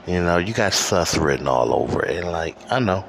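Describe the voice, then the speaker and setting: Detroit guy ranting on his podcast, super deep voice, slow and cussing, ac humming faint in the background. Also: animated, fairly bright tone. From Detroit, USA. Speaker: podcast host. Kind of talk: solo ranting monologue. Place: home room with air conditioner running. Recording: faint air conditioner hum. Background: faint air conditioner hum.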